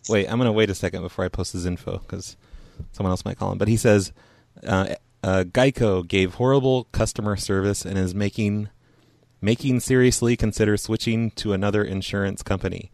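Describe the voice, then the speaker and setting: Low-voiced laid-back male host. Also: fairly even intonation, fairly quick, gravelly, darkish tone, no room sound, clean studio sound. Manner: hesitant, fillers and restarts, chuckling. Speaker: prank call show host. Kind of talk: casual banter.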